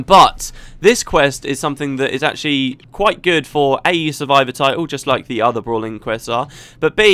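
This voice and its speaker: A let's play host chats and rambles casually while playing through a video game, often restarting his sentences. His mid-range voice is slightly bright, and the recording is clean with no echo.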